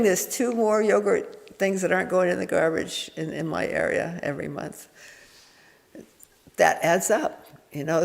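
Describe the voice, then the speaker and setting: A woman's voice: on the low side, gravelly, a little mellow. Woman giving a rambling, candid dharma talk. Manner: meandering and candid, with frequent restarts and chuckles. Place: meditation hall. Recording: echoey hall reverb.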